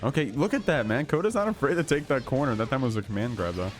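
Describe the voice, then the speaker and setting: An American man co-commentating an online fighting game tournament, relaxed and reading chat between matches. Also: medium pitch, fast talker, faint music behind. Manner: laid-back, easygoing, reads chat aloud.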